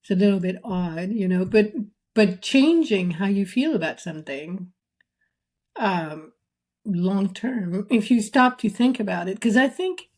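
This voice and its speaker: A woman's voice: medium pitch, unhurried, a little mellow. A woman co-hosting a podcast, thinking aloud in casual chat with hedges and fillers.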